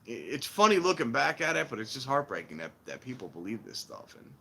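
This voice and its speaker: A man hosting a casual trainspotting stream, rambling and animated, acting out the voices of people he quotes. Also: medium pitch, a little fast, vocal fry, slightly rough. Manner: warns viewers against scams. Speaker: railfan livestream host. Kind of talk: casual chat while filming trains.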